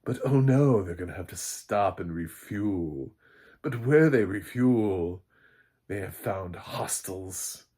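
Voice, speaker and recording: A man's voice: low voice, lively intonation, slow pace, dark tone. A man who is a film critic, giving a casual, rambling spoken recap of a TV episode and often laughing at his own jokes.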